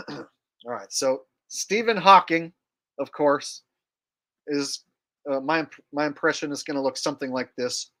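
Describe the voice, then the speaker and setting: A man's voice: fairly high pitch, unhurried, pauses often, a bit bright. A man hosting a livestream in casual chat, crude and rambling as he jokes around. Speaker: livestream host.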